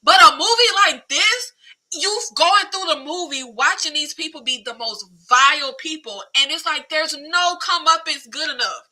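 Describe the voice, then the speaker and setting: Bright, high-voiced woman reviewing films. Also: moderate pace, low-quality recording. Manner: animated, conversational, colloquial Southern Black American slang. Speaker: host. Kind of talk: livestream movie review.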